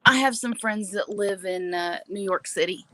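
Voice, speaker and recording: A woman's voice: medium pitch, moderate pace, fairly bright tone, a little hiss or hum, poor audio. Woman, easygoing and plain-spoken, casual live-call chat, mid-range voice.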